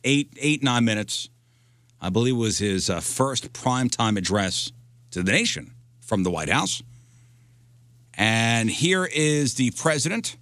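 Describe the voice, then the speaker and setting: A man's voice: medium pitch, expressive, a little slow, a bit bright, dry recording. A man hosting a radio show, chatting casually and joking as he reads out news items.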